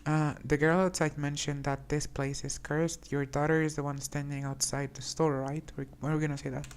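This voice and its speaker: Casting: woman streamer, low-pitched, chatty and hesitant, game commentary. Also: level tone, normal speed, slight background noise. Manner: chatty, hesitant, many restarts. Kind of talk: casual gameplay commentary.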